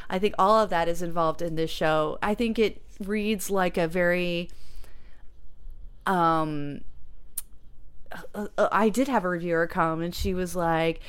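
A woman chatting as a guest about the stage show she created, rambling and animated. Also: lowish voice, unhurried, pauses often, clear, resonant tone. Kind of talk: casual interview chat.

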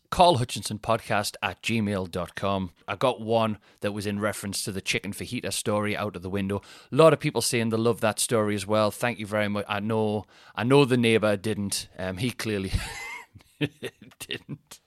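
A man hosting a podcast, telling comic stories in a chatty, self-deprecating way with animated asides. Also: fairly low pitch, no echo, studio quality. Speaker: podcast host. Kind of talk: casual comedic monologue.

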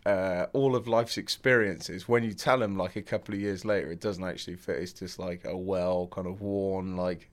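A man's voice: deep voice, steady tone, normal speed, few pauses. Laid-back young English man telling a story. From England. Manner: laid-back, laughs often, many fillers. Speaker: guest. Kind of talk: casual storytelling.

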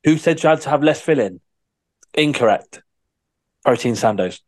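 A man chats in casual podcast banter, eager and teasing as he eggs his co-host on. His delivery is quick to get excited. The sound is dry and close. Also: medium pitch, no room sound.

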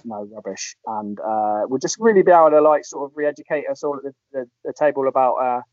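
A man, chatting casually as a podcast host and telling animated anecdotes. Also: medium pitch, fairly quick, no echo. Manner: lively storyteller, puts on voices in anecdotes. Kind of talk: casual chat. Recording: dull lo-fi sound.

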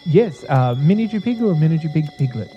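A man's voice: a little high, animated, fast, highs cut off, faint music behind, voice pushed up, lightly acted. A man voicing an older female gnome running a tea house, eager and sing-song. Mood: eager, welcoming.

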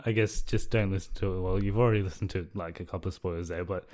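A man co-hosting a casual film podcast, relaxed and a little hesitant as he talks. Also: low-pitched, quick pace. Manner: relaxed, hesitant, lots of fillers. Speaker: podcast co-host.

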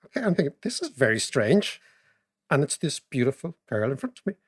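Male co-host, animated storyteller, a bit higher pitched. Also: fairly quick, breathy edge. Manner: animated, laughing anecdotes. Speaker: podcast co-host. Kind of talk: casual chat and storytelling.

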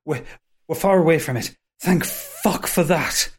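A man's voice: a little high, a little slow, pitched above the performer's own voice. A man doing a flustered elf wizard captain. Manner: flustered, apologetic. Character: frazzled elf wizard captain, nervous, polite.

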